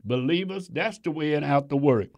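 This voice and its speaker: A man's voice: on the high side, lively intonation, normal speed, a little mellow. A man preaching a sermon to his congregation, emphatic and repeating phrases for stress.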